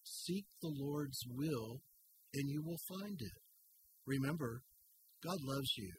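A man voicing a booming, calm heavenly spirit that speaks in solemn, measured, reassuring tones, with loud guitar music underneath. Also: noisy background.

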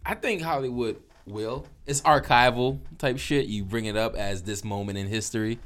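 A man's voice: mid-range voice, steady tone, moderate pace, a bit bright. A man co-hosting a casual podcast, laid-back and slangy with dry wisecracks. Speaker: podcast co-host.

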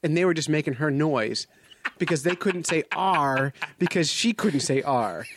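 Laughing, animated male co-host. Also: on the high side, normal speed, no room sound. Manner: animated storyteller, laughs often. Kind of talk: casual chat.

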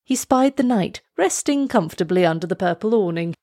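A woman reads a storybook aloud, measured and expressive, slowing down to build tension. Her voice sits at a middle pitch, and the sound is close and dry. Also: no room sound.

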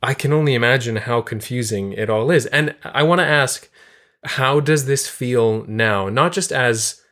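A woman's voice: extremely low pitch, measured pace, fairly bright tone. A woman co-hosting a casual chat about a film, explaining at length with enthusiasm. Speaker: podcast co-host. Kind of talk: casual movie discussion.

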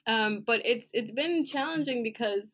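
A woman co-hosting a podcast in casual chat, talking loudly and laughing often. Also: on the high side, moderate pace. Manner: laughs often, animated and loud. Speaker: podcast co-host.

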